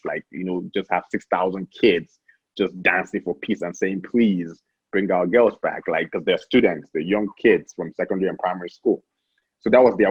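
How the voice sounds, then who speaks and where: A man's voice: sits low, slightly rough, no room sound, muffled recording. A young Nigerian man, a founder and interview guest, telling stories animatedly with many restarts. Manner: animated, lots of restarts and stammered repeats. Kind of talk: casual interview storytelling.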